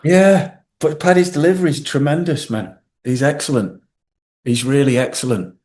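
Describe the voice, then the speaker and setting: A man, a guest actor in a casual interview, telling animated stories and acting out quotes from others. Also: on the high side, moderate pace. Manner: animated storyteller, acts out quotes with swearing.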